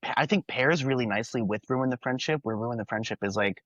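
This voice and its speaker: A man's voice: medium pitch, brisk, fairly bright tone, no echo. A talkative young man hosts a casual podcast about music, working through his thoughts in long, earnest runs. His voice sits in a middle range. The sound is dry and a little dull. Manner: earnest, talkative, quotes lyrics in character. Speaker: podcast host. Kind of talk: casual music review chat.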